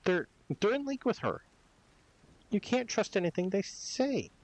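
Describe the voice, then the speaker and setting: A man's voice: high-pitched, very animated, moderate pace, voice pushed up, low-quality recording. Man doing a fretful little village mayor. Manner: worried, fretful, suspicious. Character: anxious small male village mayor.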